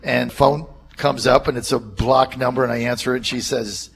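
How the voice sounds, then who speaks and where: A man's voice: mid-range voice, steady tone, moderate pace, creaky, hardly any pauses, slight background noise. A man hosting a talk radio show who speaks bluntly and spins anecdotes. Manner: blunt, storytelling. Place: radio studio.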